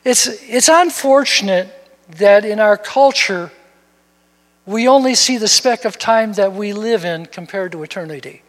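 High-voiced pastor preaching in a hall. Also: male voice, measured pace. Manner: storytelling, animated, repeats words when excited. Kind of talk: sermon. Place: church sanctuary. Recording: long reverb of a church hall.

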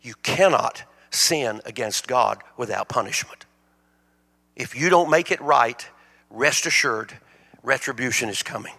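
A man's voice: medium pitch, expressive, unhurried, sharp tone. A man preaching a sermon as a guest speaker, in a plain-spoken, folksy way. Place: church sanctuary. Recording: long reverb of a church hall.

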